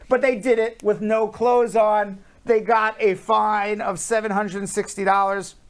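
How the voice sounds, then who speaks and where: A man's voice: sits high, fairly bright tone. Male host, casual headline chat, playful delivery, leans on figures. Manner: chatty, jokey, drawls out numbers.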